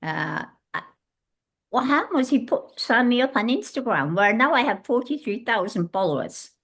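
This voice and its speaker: A British woman in her eighties, from England, telling lively stories as a guest in an interview and acting out the dialogue in them. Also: a little high, moderate pace. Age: 80s. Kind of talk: casual interview storytelling.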